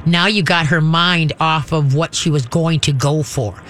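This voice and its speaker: A man hosting a call-in advice show as a dog trainer, chatting folksily with many restarts and dropping into low, firm commands when he demonstrates. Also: fairly even intonation, unhurried, a bit bright, a little hiss or hum.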